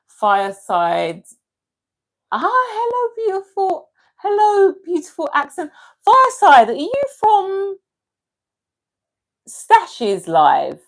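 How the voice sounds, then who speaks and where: A chatty woman hosts a casual livestream from home, greeting viewers by name and reading out their comments. Her voice sits a little low and her talk bubbles with easy laughs. She is from England. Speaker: livestream host.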